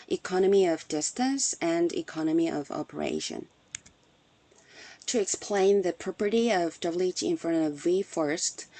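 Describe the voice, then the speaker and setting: Low, mellow-voiced woman presenting research. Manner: reads carefully from prepared text, measured and explanatory. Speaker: conference presenter. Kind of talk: scripted academic presentation.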